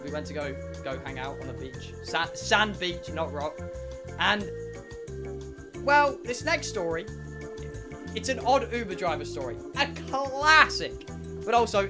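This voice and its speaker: A man's voice: fairly high pitch, lively intonation, moderate pace, pauses often, music in the background. A young British man in his twenties telling rambling, swear-filled stories on a livestream. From United Kingdom. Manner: rambling, swears a lot, many restarts. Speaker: streamer. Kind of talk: casual storytelling on a livestream.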